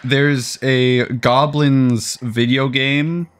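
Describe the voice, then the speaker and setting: A young man chatting casually with friends during a video game, playful and quick to mimic others. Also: mid-range voice, steady tone. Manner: playful, laughing, mimics voices. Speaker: co-host. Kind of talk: casual gameplay chat.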